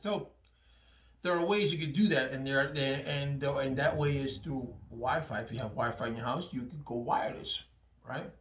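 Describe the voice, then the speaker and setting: A man's voice: mid-range voice, normal speed, fairly bright tone, a little hiss or hum. Chatty man reviewing gadgets, echoey room. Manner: chatty, repeats "right?" often, restarts phrases. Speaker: channel host. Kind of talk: casual product review vlog.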